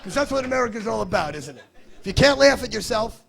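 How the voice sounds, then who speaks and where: A man doing stand-up crowd work, brash and teasing with a profane edge. His voice sits high for a man and swings widely in pitch, with a gravelly rasp. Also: animated, fast, a bit bright. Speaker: stand-up comedian. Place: comedy stage before a live audience.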